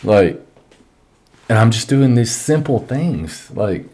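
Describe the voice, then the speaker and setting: A man's voice: medium pitch, big pitch swings, slow pace, dark tone. A man teaching trading in an office on a microphone, lecturing bluntly and with profanity. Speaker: trading educator. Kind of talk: screen-share trading lesson.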